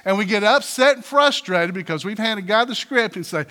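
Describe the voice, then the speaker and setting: High, bright-voiced man preaching in a hall. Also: moderate pace, hardly any pauses, a little hiss or hum. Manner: animated preaching, rhetorical questions, acting out quotes. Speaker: pastor. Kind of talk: sermon.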